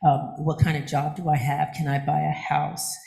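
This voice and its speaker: A woman's voice: deep voice, normal speed, vocal fry. Older woman minister preaching in a roomy church. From United States. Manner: chatty and animated, acting out quotes with laughter. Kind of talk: conversational sermon. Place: church sanctuary.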